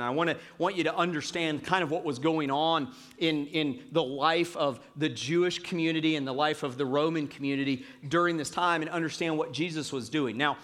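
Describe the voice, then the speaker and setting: A male pastor in his thirties giving a sermon with a somewhat high-pitched voice. He talks in a loose, conversational way, full of ums and asides, and often pokes fun at himself. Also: a bit bright. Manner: chatty and self-mocking, with fillers.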